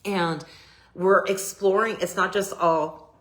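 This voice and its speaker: A woman's voice: mid-range voice, steady tone, takes it slowly. A middle-aged woman photographer talking casually about her work, gushing and rambling with many fillers and restarts. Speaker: boudoir photographer. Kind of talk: casual personal talk to camera.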